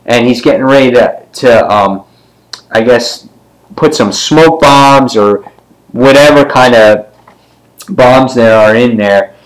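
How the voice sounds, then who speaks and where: A man giving a casual comic book review, retelling the story in a rambling way with many fillers and sometimes jumping up in pitch to act out a character's line. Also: slow pace, poor audio. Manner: briefly acts out characters' lines with pitch jumps.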